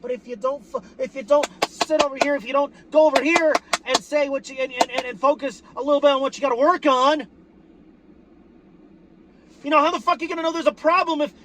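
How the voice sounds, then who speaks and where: A man ranting loudly in a post-game victory rant as a football fan vlogger, swearing freely and breaking into shouted bursts from inside a car. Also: very high voice, fairly even intonation, brisk, slight background noise. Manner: boisterous, profane, shouting bursts.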